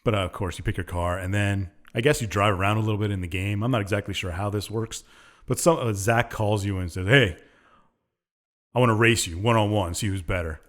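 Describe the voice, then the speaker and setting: A man with a somewhat low voice co-hosts a casual podcast. He recaps a game plot in a loose, rambling way, stopping often on fillers as he searches for words. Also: steady tone, fast talker. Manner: rambling, hesitant with many uhs. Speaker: podcast co-host.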